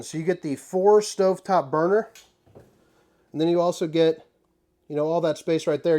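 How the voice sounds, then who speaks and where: Man, slightly high-pitched, folksy, joking, casual RV walkthrough. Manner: folksy, joking, relaxed slang. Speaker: RV tour host. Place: inside an RV.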